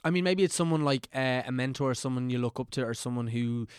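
Fast-talking man, teasing host. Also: medium pitch, clear, resonant tone, no echo, studio quality. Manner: relaxed, teasing, asks probing questions. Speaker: podcast host. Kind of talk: casual interview chat.

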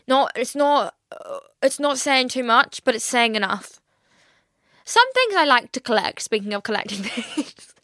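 A young woman talks alone on her podcast in a candid, rambling way, swearing freely. Her voice sits fairly high and sounds teary, as if she is close to crying. The sound is dry and close. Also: animated, moderate pace, sharp tone, no echo. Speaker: podcast host. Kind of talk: casual solo podcast chat.

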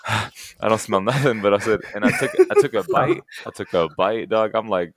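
Low-voiced man telling animated stories. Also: moderate pace, dry recording, clean studio sound. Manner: animated storyteller, acts out quoted people. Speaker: podcast co-host. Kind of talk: casual chat.

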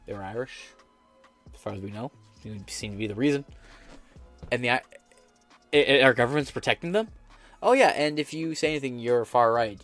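A man's voice: medium pitch, normal speed, long pauses, fairly bright tone, faint music behind. Foul-mouthed sarcastic man ranting. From United States. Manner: profane, sarcastic, rambling. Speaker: podcast host. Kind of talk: ranting political commentary.

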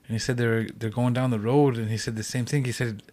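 A man's voice: mid-range voice, fairly even intonation, fast, darkish tone. A young man from the Cheyenne Reservation telling a ghost story in a loose, rambling way as a podcast guest. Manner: rambling, full of "like" and "he said".

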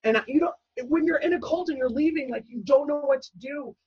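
A woman telling a personal story as a guest, animated and full of fillers, acting out other people's voices. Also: high-pitched, fast, dry recording, highs cut off. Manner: animated, acts out quoted voices, many fillers.

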